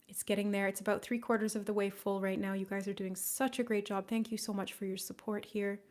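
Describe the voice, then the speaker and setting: A young woman hosts a live psychic stream in a gentle, soft-spoken way. She guides the listeners through a group healing and thanks them by name with effusive warmth. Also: mid-range voice, little pitch movement, fairly quick. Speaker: psychic medium hosting a live session.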